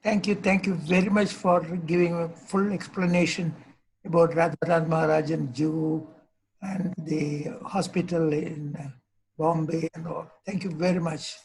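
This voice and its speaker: A man's voice: fairly high pitch, little pitch movement, measured pace, vocal fry, darkish tone. A man who is a participant in an online program, thanking the speaker on a video call, heard from far off with faint noise. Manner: grateful, thankful.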